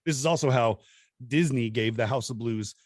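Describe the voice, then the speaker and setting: A middle-aged man hosting a podcast, telling stories in a casual, animated way and laughing often. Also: normal speed, dry recording, studio quality. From Southern California. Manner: animated, laughs often, acts out quotes in high voices. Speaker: podcast host. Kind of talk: casual storytelling chat.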